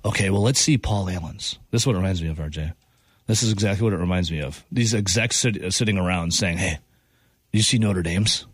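A man's voice: low voice, quick pace, dry recording. A man hosting a casual sports talk show, playful and mocking as he riffs on jersey details. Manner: playful, mocking, mimics overhyped phrases.

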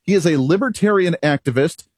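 A man's voice: on the high side, brisk, husky, no room sound, studio quality. A male radio talk show host delivering an opinionated monologue, emphatic and rhetorical, chuckling at himself now and then.

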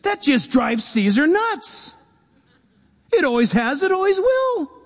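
A man preaching a sermon as pastor, animated, with humorous asides. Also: very high-pitched, slow pace. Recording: long hall reverb.

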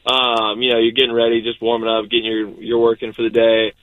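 A young adult man, a baseball pitcher, chatting casually as a guest, rambling with many fillers. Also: monotone, quick pace, no room sound, narrow, tinny audio. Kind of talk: casual interview chat.

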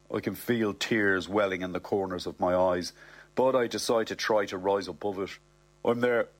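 A husky, fairly low-voiced man with a lilt reads his comic story aloud. He keeps a deadpan delivery, sliding into put-upon indignation. He sounds middle-aged. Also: normal speed. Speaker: narrator. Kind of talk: comic first-person story reading.

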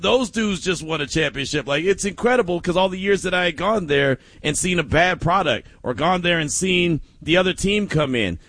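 A man's voice: a little high, no room sound. A man hosting a sports talk radio show, telling stories emphatically and laughing often. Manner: animated, laughing, emphatic storyteller.

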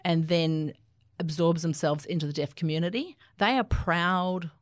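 Low-voiced Australian woman explaining warmly. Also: a little slow, dry recording, studio quality. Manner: animated, explanatory, laughs easily. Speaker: Auslan interpreter. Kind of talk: conversational interview answers.

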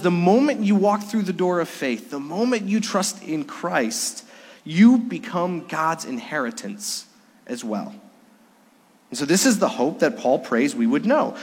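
A man's voice: a little high, breathy edge. A middle-aged man preaching a sermon as a pastor, earnest and conversational, telling stories to make his point. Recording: long reverb of a hall.

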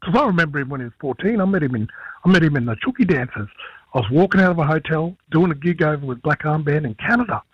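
A man's voice: fairly high pitch, fast talker, breathy edge, dry recording, lo-fi sound. A man, a musician guest telling a story in a radio interview and acting out what others said. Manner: animated storyteller, acts out others' lines.

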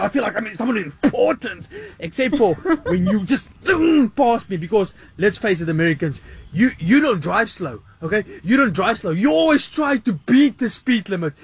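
A man's voice: extremely high pitch, husky. A British man joking exuberantly in a social media video monologue. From Britain.

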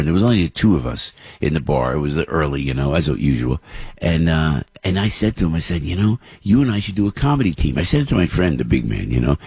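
A middle-aged New man hosts a morning radio show and rambles through a story, starting over again and again. His voice sits very low but swings widely in pitch. It has a husky edge and is recorded close and dry. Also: darkish tone, no echo. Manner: rambling, chatty, with many restarts.

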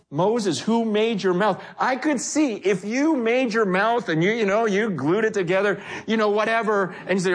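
A man preaching a sermon, animated, acting out quoted voices, often repeating himself as he restarts. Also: high voice, unhurried, few pauses. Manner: frequent self-corrections and repeated words. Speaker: pastor.

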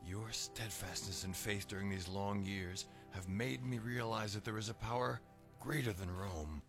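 An actor playing a stern, conflicted Roman officer, firm and grave. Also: male voice, on the low side, moderate pace, lightly acted. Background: music.

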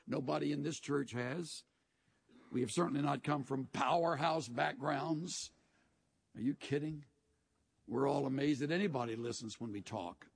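Husky-voiced pastor preaching with folksy humor. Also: male voice, medium pitch, moderate pace. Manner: folksy storytelling, dry humor. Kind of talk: sermon.

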